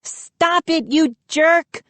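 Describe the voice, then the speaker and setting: A woman doing a shrill, scolding girl. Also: lively intonation, slow, dry recording. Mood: shrieking. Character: bossy, indignant young girl.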